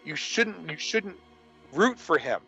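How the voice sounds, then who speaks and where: A man's voice: on the high side, very animated, slow, vocal fry, pushed and bright, husky, soft background music, low-quality recording. A man talking casually about horror films, rambling with many restarts. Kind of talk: casual movie discussion.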